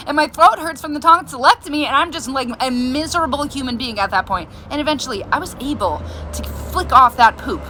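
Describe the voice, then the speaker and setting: A young woman vlogger telling a personal story in a frank, animated, exaggerated way. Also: high-pitched, slight background noise. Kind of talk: casual storytelling.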